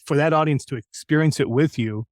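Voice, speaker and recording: A middle-aged man from New Mexico, a voice actor telling lively anecdotes in an interview. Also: on the high side, fairly quick, dry recording, clean studio sound. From New Mexico, USA. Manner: lively anecdotal, acts out quoted lines. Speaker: voice actor guest. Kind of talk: interview storytelling.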